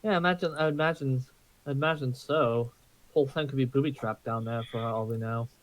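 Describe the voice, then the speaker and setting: A man's voice: mid-range voice, a little fast, poor audio. A man playing a tabletop game, chatting in a joking way and swearing casually. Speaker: player.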